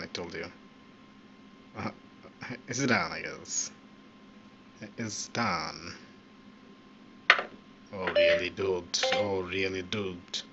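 A man with a low, unhurried voice talks through a pool game. He reacts loudly and swears freely at the screen. His dull home mic picks up a steady noise underneath. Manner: excitable, swears often at the game. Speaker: gaming channel host. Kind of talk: casual live gameplay commentary.

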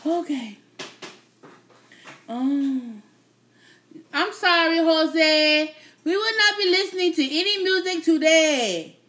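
A woman's voice: very high voice, takes it slowly, pauses often, fairly bright tone. A woman hosting a casual live stream, chatting playfully with her viewers, teasing them and laughing often.

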